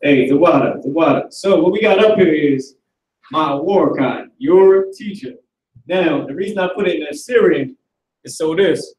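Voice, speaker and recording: A man's voice: fairly high pitch, expressive, normal speed, darkish tone, echoey room, far from the mic, slight background noise, rough recording. A man teaching a casual live language class, loose and slangy, with some swearing.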